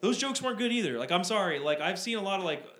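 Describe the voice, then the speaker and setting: Fast, high-voiced man in an echoey room. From Southern California. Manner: animated, profane, rambling with many fillers. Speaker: podcast co-host. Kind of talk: casual podcast chat. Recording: echoey room with faint hum.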